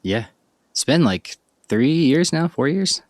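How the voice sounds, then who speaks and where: A man hosting a podcast interview, talking in a relaxed, rambling way with lots of fillers. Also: a little high, slow, poor audio. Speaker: podcast host.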